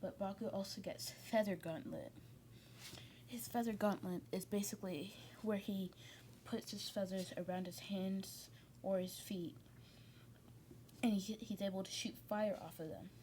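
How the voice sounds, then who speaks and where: A woman's voice: mid-range voice, steady tone, measured pace, darkish tone, slight background noise. A woman casually retelling a fan story, rambling with many fillers and restarts.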